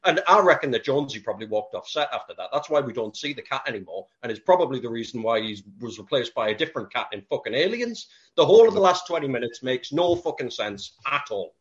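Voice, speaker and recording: A man's voice: medium pitch, lively intonation, fast, few pauses, highs cut off. A man telling a film story as a comic, profane rant, full of put-on voices.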